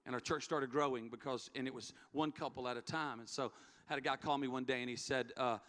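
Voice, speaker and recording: A man's voice: medium pitch, fairly even intonation, fast talker, fairly bright tone. A middle-aged man, a pastor, telling a story in an earnest sermon, repeating key words for emphasis. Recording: long hall reverb, faint music. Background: faint music.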